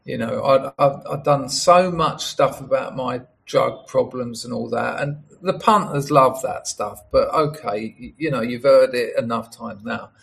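A middle-aged man with a gravelly voice talks casually, stopping and restarting often. He acts out the voices of the people in his stories as he rambles through them. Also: medium pitch, unhurried, hardly any pauses, a bit bright. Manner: rambling, many restarts, acts out quoted dialogue. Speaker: writer and storyteller. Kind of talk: casual monologue.

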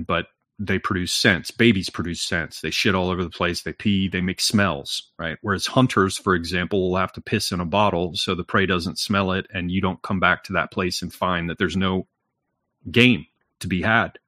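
A lowish male voice in casual chat, blunt and profane, building his point with a steady string of "right?"s. The recording is dry and close, with no room sound. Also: moderate pace, no echo. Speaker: podcast talker.

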